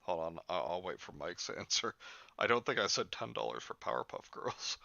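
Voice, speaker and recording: Dry, bright-voiced deadpan man. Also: low-pitched, normal speed, vocal fry, no room sound, lo-fi sound. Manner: deadpan, self-deprecating. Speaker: podcast host. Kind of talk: casual comedic chat.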